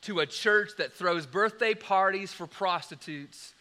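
A preacher tells a sermon story with animated, dramatic delivery. His voice sits high for a man and sounds bright and forward. He moves quickly between loud and quiet passages.

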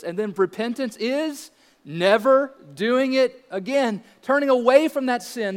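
High-voiced preaching man, echoing hall. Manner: earnest, emphatic preaching with rhetorical questions. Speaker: pastor. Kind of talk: sermon.

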